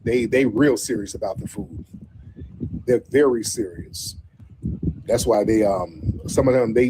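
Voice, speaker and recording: A man's voice: medium pitch, warm tone, a little hiss or hum, poor audio. A man hosting a casual live-stream show, talking in a slangy, rambling way and repeating himself.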